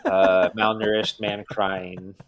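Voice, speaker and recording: A man's voice: deep voice, level tone, slow pace. A man telling self-mocking anecdotes as a podcast guest, in casual chat and often laughing. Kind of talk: casual storytelling.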